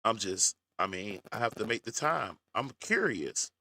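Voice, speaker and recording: Man, commentary host; slow, bright, lively delivery, folksy and direct to camera. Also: lowish voice, a little hiss or hum. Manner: folksy, talks straight to his audience. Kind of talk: casual reaction commentary to viewers.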